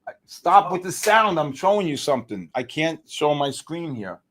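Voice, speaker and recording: A middle-aged livestreamer covers futures trading live, talking at a normal speed in a slightly high voice. He's excitable, prone to loud outbursts and playful exasperation.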